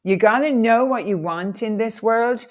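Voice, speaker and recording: A woman's voice: on the high side, unhurried. A woman coach, a podcast guest, telling stories with enthusiastic, motivational energy. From Ireland. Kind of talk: conversational podcast interview.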